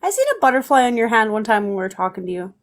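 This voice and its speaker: A woman's voice: on the high side, very animated, racing. A woman guest in a casual chat, talking bluntly and swearing casually as she tells her story.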